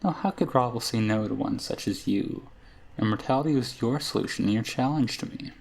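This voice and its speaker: A man reading aloud the lines of an ancient, scheming female hag from a game, in a gravelly voice. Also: medium pitch, brisk, a little mellow.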